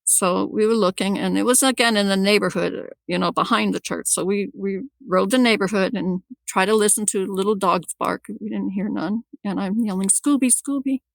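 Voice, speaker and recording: Gravelly woman recounting her own story. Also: mid-range voice, steady tone, no echo. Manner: halting, repeats words as she restarts. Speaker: podcast guest telling her story. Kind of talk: personal storytelling.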